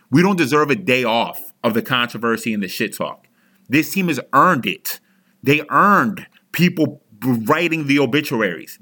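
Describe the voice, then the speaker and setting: A young man with a sharp, medium-pitched voice hosts a sports podcast and rants angrily as a frustrated fan. He is heated and profane, restarting often.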